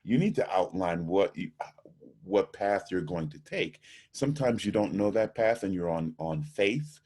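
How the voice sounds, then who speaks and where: A middle-aged man with a very low, husky voice, speaking over a video call. He tells stories with animation and slips into voices for the people in them. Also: a little slow. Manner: animated storyteller, acts out voices in anecdotes. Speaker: interviewee, jazz trumpeter. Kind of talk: storytelling in a video call interview.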